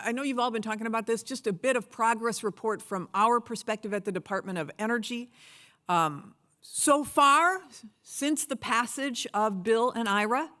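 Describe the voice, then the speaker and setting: A woman's voice: medium pitch, fairly bright tone. A middle-aged woman from the United States giving a conference keynote speech, telling stories in a conversational way with fillers and restarts. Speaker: keynote speaker.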